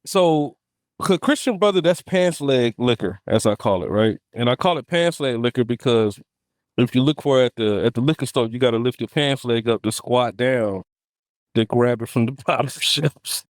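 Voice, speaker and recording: A man's voice: medium pitch, expressive, normal speed, dry recording, studio quality. A man hosting a casual podcast, telling stories in loose slang and laughing often. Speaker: podcast host. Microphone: studio podcast mic.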